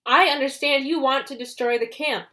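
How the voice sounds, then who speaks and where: A woman reading an audiobook, voicing an angry, fiercely loyal teenage girl who shouts her accusations. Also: high-pitched, expressive, a little slow, pitched above the performer's own voice, full character voice.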